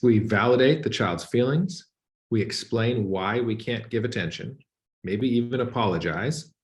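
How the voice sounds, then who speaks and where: Brief: man, slightly low voice, guest expert presenting, earnest and conversational, roomy echo. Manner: earnest, conversational, uses many "like" and "and so" links. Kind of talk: explanatory talk to an audience over slides. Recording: echoey room.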